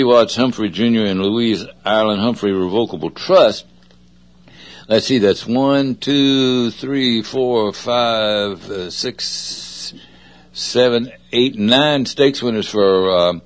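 A man with a Southern US accent hosting a radio show, talking in a casual, rambling way with many fillers and self-corrections. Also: lowish voice. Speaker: radio host. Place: radio studio.

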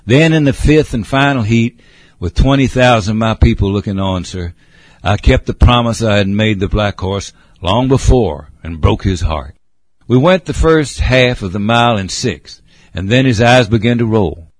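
A man's voice: on the low side, normal speed, no echo, lightly acted. A man voicing an old male cab horse with a gurgling voice, telling his tale politely and addressing the listener as sir. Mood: proud. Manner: polite, says sir often.

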